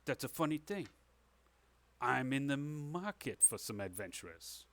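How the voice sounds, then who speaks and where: A man's voice: medium pitch, big pitch swings, unhurried, fairly bright tone. A man voicing a sly, pushy middle-aged tavern fixer who talks like a slick salesman. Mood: scheming. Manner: slick, wheedling salesman talk.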